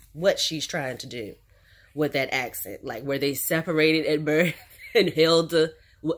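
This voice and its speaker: Chatty low-voiced woman vlogging. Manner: chatty, rambling with fillers and asides. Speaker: channel host reviewing a series. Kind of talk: casual recap vlog.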